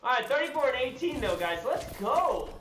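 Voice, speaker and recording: A young man giving excitable commentary over his own gameplay, with loud outbursts and laughter. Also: very high-pitched, normal speed. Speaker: gaming streamer. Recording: echoey room, loud background noise.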